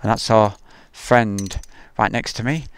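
A man hosting an outdoor live stream by an airfield, chatting casually and reading out viewer comments, joking and pausing with frequent ums. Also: fairly low pitch, slight background noise. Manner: chatty, jokey, halting with many ums.

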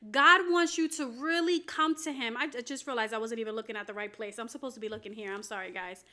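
A woman's voice: a little high, fast talker, bright, forceful tone. A woman, a faith coach, giving a fervent personal testimony sermon to her camera, with emphatic repetition.

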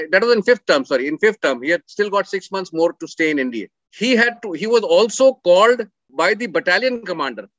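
A middle-aged man tells a story in an earnest, emphatic way and repeats his words for weight. His voice sits high for a man. The sound is dry and a little dull. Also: a bit bright, no echo. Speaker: speaker telling a coursemate's story. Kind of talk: storytelling talk with slides.

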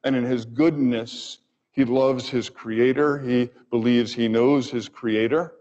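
Male physician lecturer, expressive storyteller, lo-fi recording in a reverberant hall. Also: mid-range voice. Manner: expressive, pausing for effect. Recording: dull audio with long hall reverb.

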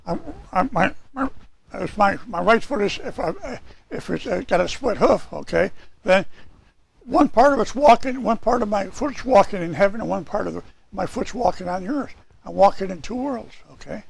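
High-pitched, gravelly-voiced male preacher. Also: lively intonation, normal speed. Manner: emphatic, repeats key phrases. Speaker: pastor. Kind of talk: sermon.

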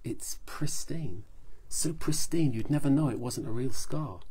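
A man's voice: mid-range voice, a little slow, warm tone, husky. A man reading his own comic short story aloud in a wry first-person narration.

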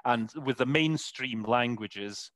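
A man's voice: mid-range voice, slow, fairly bright tone, dry recording. A man who works as an interpreter, talking casually in an interview and often stopping to search for words with many fillers. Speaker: interpreter guest. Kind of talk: conversational interview.

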